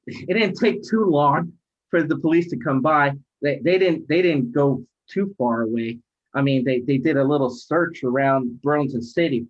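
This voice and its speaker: A middle-aged man, a rideshare driver, telling a story in casual chat, animated and acting out quoted voices. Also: medium pitch. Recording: dull lo-fi audio.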